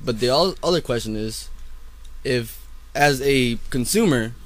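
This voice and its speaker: A man co-hosting a casual podcast chat, reasoning his point aloud in a relaxed way, with some swearing. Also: medium pitch, unhurried. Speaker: podcast co-host.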